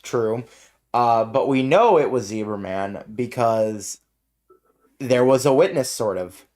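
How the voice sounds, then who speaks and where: A worn-out man speaks as a player in a tabletop game, low-key and unhurried. His voice sits at an ordinary middle pitch for a man. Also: lively intonation, darkish tone. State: tired. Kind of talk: casual tabletop game play.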